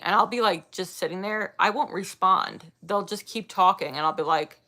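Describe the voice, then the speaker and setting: Chatty vlogger in her thirties, bright edge to the voice, laughs a lot. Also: medium pitch, normal speed, few pauses. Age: 30s. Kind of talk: casual chat reading viewer comments.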